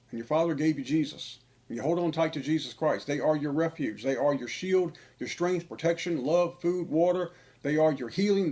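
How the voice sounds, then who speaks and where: A man's voice: on the high side, dark tone. A man, an online preacher delivering a sermon-style monologue, emphatic and repetitive for stress.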